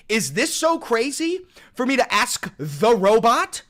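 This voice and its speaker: With a very high voice, a live-streaming man responds to his chat, excitable and swearing freely. He bursts into shouts and rattles off the same words over and over.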